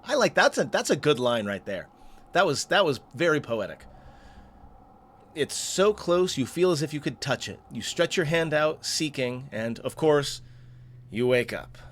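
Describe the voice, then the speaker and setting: A man's voice: fairly high pitch, big pitch swings, measured pace, a bit bright. A man hosting a game playthrough, reading the story text aloud and breaking off for chatty asides. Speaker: let's play host.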